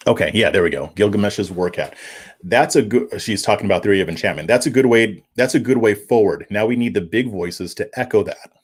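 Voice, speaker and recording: A man's voice: fairly low pitch, normal speed, slightly rough. A man hosting a political commentary livestream, reading viewer comments in a casual, chuckling way and often stumbling over and repeating words. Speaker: political commentary show host.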